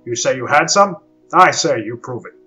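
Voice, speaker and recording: A man's voice: mid-range voice, animated, normal speed, pushed and bright, husky, exaggerated voice. A man voicing a stern, brusque starship captain who speaks in curt commands, in a comic rhymed parody. The recording is dull and lo-fi, with faint guitar behind.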